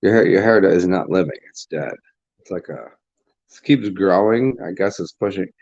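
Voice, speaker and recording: A man's voice: low voice, normal speed, vocal fry, darkish tone. A man giving a rambling, profane casual monologue as a spiritual vlogger, restarting his sentences often. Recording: dull lo-fi recording.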